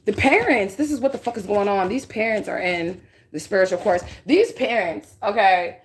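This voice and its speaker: A woman's voice: medium pitch, normal speed, a little hiss or hum. Woman doing a psychic reading, cussing a lot, blunt and chatty, keeps going "okay?". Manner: profane, blunt, street-talking, repeats "okay?". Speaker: psychic reader. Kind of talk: casual spiritual reading monologue.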